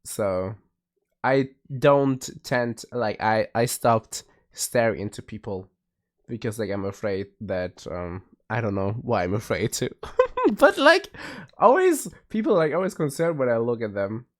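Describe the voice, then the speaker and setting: A young man streams and chats casually with his viewers, rambling along with lots of restarts and bursts of laughter. His voice sits at a middle pitch but swings widely up and down as he talks. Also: very animated, unhurried. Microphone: streaming mic.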